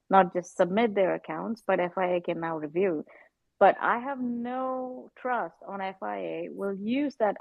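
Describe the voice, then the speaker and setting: A woman's voice: mid-range voice, gravelly, no room sound, narrow, tinny audio. A woman giving her strong, indignant view in a casual live chat, repeating words for emphasis. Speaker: panelist.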